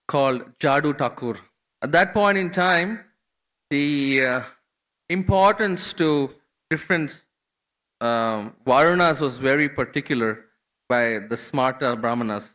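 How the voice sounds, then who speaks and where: A man's voice: medium pitch, pushed and bright. A man giving a devotional scripture class in a temple, telling a story in a conversational way with many fillers and restarts.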